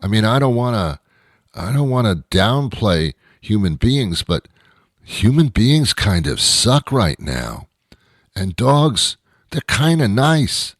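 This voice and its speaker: Host, male, very low voice, dry close sound, wry rambling monologue. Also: very animated, no echo. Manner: wry, rambling, with dramatic pauses. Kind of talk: comedic monologue.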